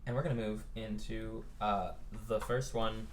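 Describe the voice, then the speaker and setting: A man's voice: fairly low pitch, flat delivery, measured pace, a little hiss or hum. Laid-back male game master. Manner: laid-back, joking with players, self-correcting. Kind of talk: narrating a tabletop game.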